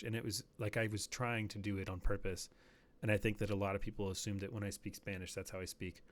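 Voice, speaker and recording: A man's voice: fairly low pitch, flat delivery, fast. A man streaming a hunting game, rambling casually and dropping to a near whisper while sneaking up on animals. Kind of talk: casual gameplay commentary.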